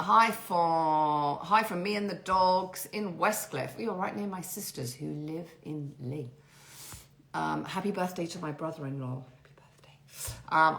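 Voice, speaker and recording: A woman's voice: deep voice, creaky. A woman hosting a casual live Q&A from home, reading out viewer questions and chatting through stories. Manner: chatty, reads out questions then rambles warmly into anecdotes. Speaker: interiors host answering viewer questions. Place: her home. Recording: echoey room, faint background noise.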